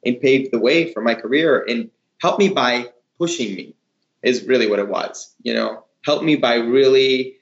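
A man, a hairdresser and educator, talking in a casual interview with enthusiastic, animated storytelling. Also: mid-range voice, moderate pace. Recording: roomy, slightly dull sound.

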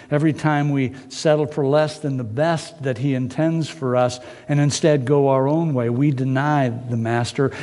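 A man preaching a sermon in a dramatic storytelling way, pausing and repeating phrases. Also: mid-range voice, dark tone. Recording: reverberant hall.

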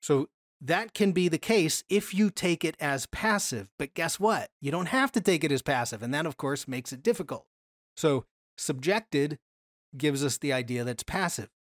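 A Bible study teacher giving a casual lesson from slides, asking questions and answering them, and slowing down to stress key words. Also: mid-range voice, expressive, no room sound, clean studio sound. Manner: explains patiently, often asks questions and then answers them.

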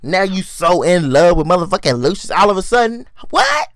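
A man giving a casual, profane, animated recap of a TV episode, acting out the scenes. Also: high voice, normal speed, no echo. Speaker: TV recap commentator.

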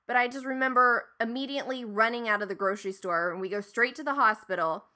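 A woman's voice: fairly high pitch, fast, sharp tone. A woman in her thirties from Ohio, telling a family story in casual chat, acting out quoted lines and swearing freely.

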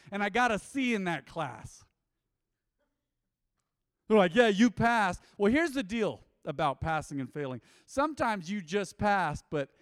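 A man preaching a sermon in a church, animated and emphatic, acting out quotes. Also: high voice, dry recording, studio quality, in a large hall. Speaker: pastor.

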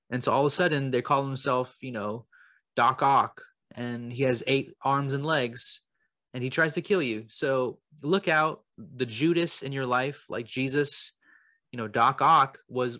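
A young man hosts a comedy podcast in a flat, mock-serious tone, stating ridiculous things as if they were plain fact. His voice sits at an ordinary, middling pitch for a man. He keeps a casual, conversational rhythm. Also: no echo, studio quality. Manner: deadpan, mock-serious absurd riffing. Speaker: podcast co-host. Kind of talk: improvised comedy podcast chat.

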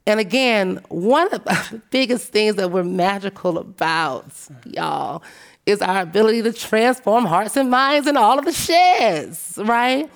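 A woman speaking on a panel, telling animated, emphatic stories in a frank, profane way and calling her listeners "baby". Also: medium pitch, a little slow. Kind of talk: panel discussion talk.

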